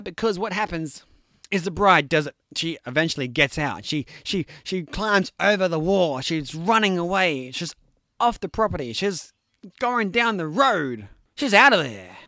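A young man casually retelling a film plot, rambling and animated, with many "like"s and "you know"s. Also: high voice, normal speed, no echo, studio quality. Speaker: podcast talker recapping films. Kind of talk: casual chat.

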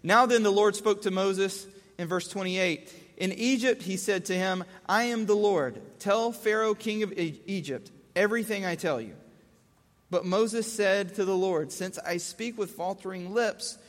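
A man's voice: high voice, measured pace, in a large hall. A man giving a conversational Bible teaching, casual, asking rhetorical questions and restating verses in plain words.

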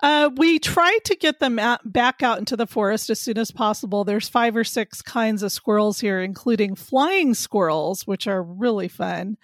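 A woman's voice: medium pitch, normal speed, few pauses, no room sound, studio quality. Friendly woman guest telling stories. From California, USA. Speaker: guest author. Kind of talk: interview answers.

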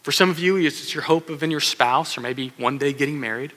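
A man preaches with a bright, forceful voice that sits somewhat high. He is lively, acts out the voices in his stories, and speaks straight to the children listening. His words carry a long reverb through a large church sanctuary. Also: a little fast. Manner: animated, acts out quoted voices, addresses kids in audience. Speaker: pastor. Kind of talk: sermon.

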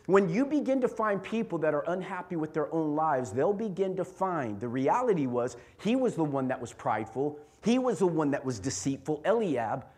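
A man preaching a sermon as pastor, impassioned and repeating lines for emphasis. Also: sits high.

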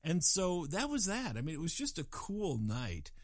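A man's voice: on the high side, huge pitch swings, normal speed, dry recording, studio quality. An older man from Colorado telling a rambling, self-deprecating story and acting out the voices of people in it. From Colorado, USA. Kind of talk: casual spoken anecdote.

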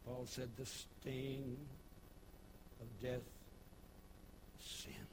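A man preaching a sermon, folksy storytelling that builds into shouted preaching. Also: medium pitch, flat delivery, takes it slowly, long pauses, noisy background. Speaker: pastor. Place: church.

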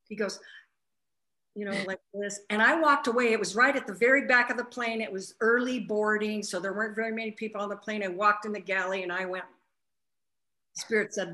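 A woman's voice: on the high side, moderate pace. A woman, a flight attendant, telling a story in casual spiritual conversation and acting out the quoted voices. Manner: animated retelling, acts out quotes.

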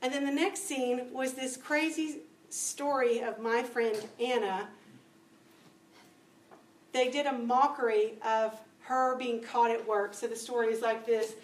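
Woman, testimony talk, storytelling, slightly high voice, echoey room, faint background noise. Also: measured pace, far from the mic. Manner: animated storytelling, acting out dialogue. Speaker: speaker giving testimony. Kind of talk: testimony talk to a church audience.

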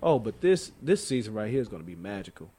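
A young man from Sacramento co-hosting a sports podcast, talking in an animated, laughing way with many restarts. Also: lowish voice, fast talker, slightly rough. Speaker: podcast co-host. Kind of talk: casual sports chat.

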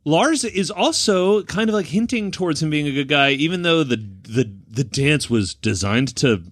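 Lively man recapping movies. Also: on the high side, moderate pace, no echo, studio quality. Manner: lively, recaps plots, laughs often. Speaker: podcast co-host. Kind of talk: casual movie chat.

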